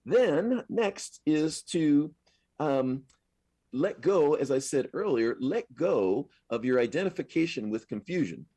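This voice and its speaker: A man's voice: fairly high pitch, very animated, takes it slowly, warm tone, breathy edge, no room sound. A man, a minister, preaching a sermon at a live service in a conversational, affirming way, repeating his points. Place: live service at a spiritual center.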